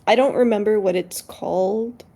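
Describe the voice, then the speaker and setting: A woman's voice: medium pitch, normal speed, dark tone. A woman chatting casually on a live stream, rambling with lots of fillers as she explains something. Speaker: co-streamer guest.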